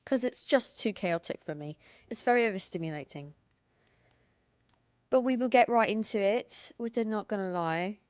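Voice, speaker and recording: A woman's voice: medium pitch, moderate pace, no echo, close to an everyday voice. A woman putting on a fake British accent. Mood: playful. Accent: put-on British. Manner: theatrical, mock-indignant.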